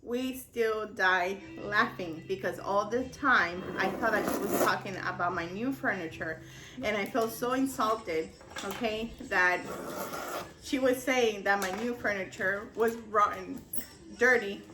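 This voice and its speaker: A woman's voice: medium pitch, a little slow. A middle-aged woman vlogger telling a funny family story in a casual way, laughing often and acting out both sides of the conversation.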